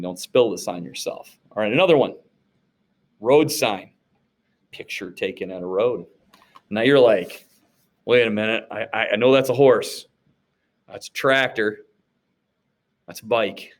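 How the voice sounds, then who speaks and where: A man from the United States teaching a class in a casual, conversational way, often asking rhetorical questions and checking in with "okay?". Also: medium pitch. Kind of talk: recorded classroom lecture recap.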